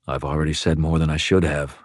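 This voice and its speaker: A man's voice: extremely low pitch, level tone, quick pace, dry recording, clean studio sound. A man doing a brooding, guarded vampire. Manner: quiet, clipped, evasive.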